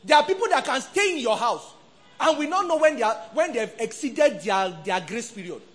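A pastor with an extremely high-pitched voice preaches at normal speed. The middle-aged man, who has a Nigerian accent, leads his congregation in animated call-and-response and acts out voices from the quotes in his sermon.

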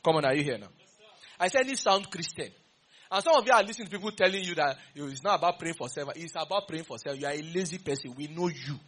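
A man with a Nigerian English accent preaching a sermon, teasing and quizzing his congregation in an animated way. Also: on the high side, fast.

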